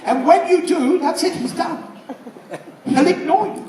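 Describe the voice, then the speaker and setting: A man with an English accent doing a stand-up comedy routine, firing off one-liners in a loud, punchy delivery. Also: extremely high pitch, a little slow. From England. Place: casino show room before a live audience. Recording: roomy live hall, mic at a distance, crowd and noise. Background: audience laughter.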